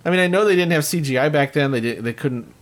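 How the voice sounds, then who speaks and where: A man's voice: on the high side, quick pace. A man co-hosting a casual podcast chat about an old film, laughing often and restarting his sentences. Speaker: podcast co-host reviewing a film.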